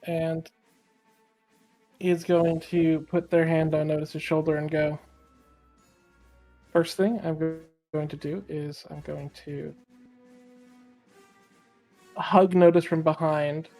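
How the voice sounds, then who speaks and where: A man's voice: fairly high pitch, flat delivery, slow pace, long pauses, warm tone, faint music behind. A man playing a tabletop game, describing his character's actions with some hesitation. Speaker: player.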